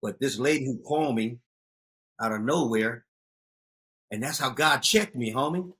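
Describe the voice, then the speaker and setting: A man in his fifties spins street stories in a casual interview with a husky, worn voice. He shifts into loud, animated bursts as he tells them, his pitch sitting in an ordinary middle range. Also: moderate pace. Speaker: guest, youth outreach founder.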